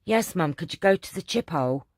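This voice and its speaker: A woman's voice: fairly low pitch, lively intonation, a little fast, no echo, clean studio sound, pitched above the performer's own voice. A woman voicing her young schoolgirl daughter, with a broad Yorkshire accent and clipped dialect words. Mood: pleading.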